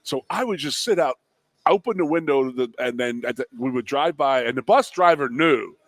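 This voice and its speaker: A man's voice: mid-range voice, expressive, normal speed, no echo. A middle-aged man co-hosting casual sports radio, telling stories with lots of fillers and repeated words. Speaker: co-host, former offensive lineman. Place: radio broadcast from a restaurant.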